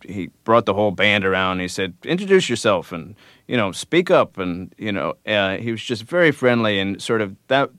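A man's voice: deep voice, a bit bright, clean tone, no room sound. A man, a musician guest on a radio interview, answering thoughtfully and without hurry, with many fillers. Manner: thoughtful, unhurried, with frequent fillers.

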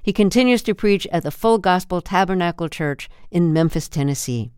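A woman hosting a radio interview, asking gentle, probing questions and reading a closing announcement. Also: fairly low pitch, lively intonation, moderate pace, clean tone, no echo, studio quality.

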